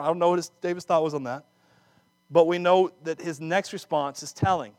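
A man preaching a sermon, acting out scripture dramatically with laughs and quick asides. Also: fairly high pitch, steady tone, dry recording. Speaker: pastor.

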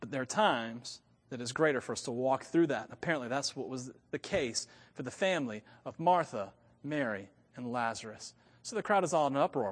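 A man preaching a sermon as pastor, swinging from loud, emphatic lines to hushed ones and laughing at himself now and then. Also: medium pitch, expressive, brisk, in a large hall. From North America.

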